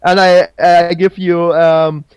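A man's voice: on the high side, little pitch movement, slow pace, a little mellow, smooth, no room sound. A man hosting a casual podcast quiz. He halts, restarts and searches for his words. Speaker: podcast host running a trivia quiz. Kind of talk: casual chat.

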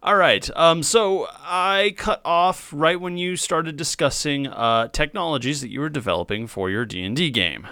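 A man's voice: a little high, normal speed, few pauses, bright, forceful tone, clean tone, no echo, studio quality. A man hosting a casual chat, with playful quips. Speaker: host.

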